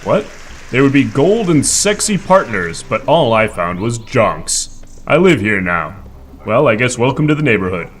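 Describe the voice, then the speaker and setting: A man's voice: medium pitch, very animated, normal speed, slight background noise, natural voice. A man playing a hammy, man-eating mountain creature who hosts a live improv comedy stream, talking playfully and theatrically. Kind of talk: improv comedy role-play.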